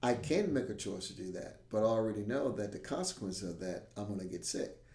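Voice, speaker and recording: A man, a karate instructor, telling stories in a casual podcast interview, animated and often asking "right?". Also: on the low side, a little fast, reverberant. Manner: animated, acts out quotes, checks in with "right?".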